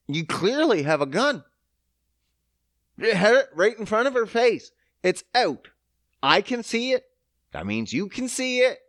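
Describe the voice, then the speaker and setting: Animated, sarcastic male podcast host. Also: high-pitched, no echo, clean studio sound. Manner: animated, profane, sarcastic ranting. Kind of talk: casual podcast monologue.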